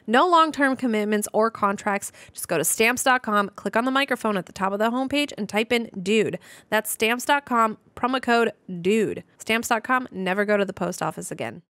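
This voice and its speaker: A woman hosting a podcast, reading a sponsor ad briskly and upbeat. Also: on the high side, a bit bright, dry recording. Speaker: podcast host.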